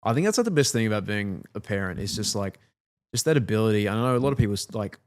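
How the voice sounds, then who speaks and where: A man's voice: on the low side, expressive, quick pace. An Australian man in his thirties, a father telling laid-back stories about his kids in casual podcast chat, playfully mimicking them.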